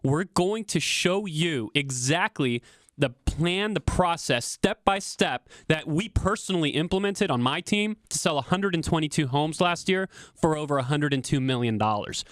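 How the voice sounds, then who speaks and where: A man co-hosting a radio talk show, pitching a workshop with a quick promotional delivery. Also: animated, no echo, studio quality. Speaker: radio show co-host, real estate agent.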